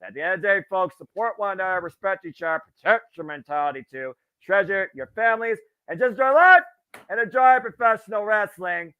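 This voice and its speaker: A man's voice: high-pitched, lively intonation, fast, hardly any pauses, clear, resonant tone, no echo, phone-quality sound. A man co-hosting a wrestling show, giving a grandiose, theatrical sign-off speech. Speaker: wrestling commentator co-host. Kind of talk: casual chat.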